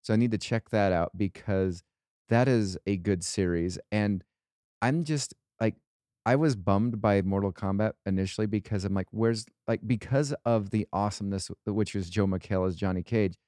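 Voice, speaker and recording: Man, podcast co-host, low voice, dry sound, enthusiastic, lots of likes. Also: moderate pace, dark tone, smooth, dry recording. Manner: enthusiastic, uses filler "like" a lot. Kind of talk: casual comedy chat.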